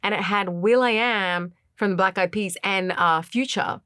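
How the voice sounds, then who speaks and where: A woman guest in a casual interview, telling a story in an animated way, acting out the other people's voices and laughing often. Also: mid-range voice, a little slow, clean tone, no echo, clean studio sound. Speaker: singer-songwriter guest.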